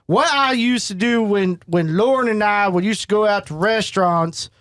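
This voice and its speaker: A folksy, boastful country man drawls on about fishing, as a man puts the voice on. The voice sits high and is recorded dry and close. The talk rambles and turns crude. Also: normal speed, a bit bright, no room sound. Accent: put-on Southern US country drawl.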